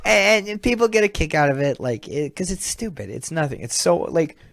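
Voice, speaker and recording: A man, a comedian, telling stories in a casual podcast chat. He laughs often and acts out quoted people with sudden high voice jumps. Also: sing-song, brisk, creaky, a bit bright, no room sound. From California. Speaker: comedian and baseball mascot performer, podcast guest. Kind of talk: animated storytelling in a casual chat.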